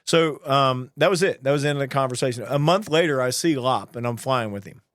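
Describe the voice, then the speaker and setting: A man's voice: mid-range voice, fairly quick, no echo, studio quality. A man co-hosting a podcast, telling bawdy work stories with lots of laughter. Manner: animated anecdotes, frequent laughter, bawdy humor. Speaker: podcast co-host, flight attendant. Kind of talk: casual storytelling chat.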